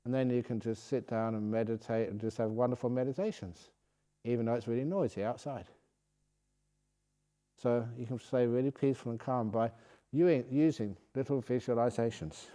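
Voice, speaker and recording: An older man with a British accent, a Buddhist monk giving a chatty, storytelling meditation talk at a retreat, chuckling often and going soft when he speaks of silence. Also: mid-range voice, moderate pace. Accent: British English. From Britain. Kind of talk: relaxed dharma talk with anecdotes. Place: retreat centre meditation hall.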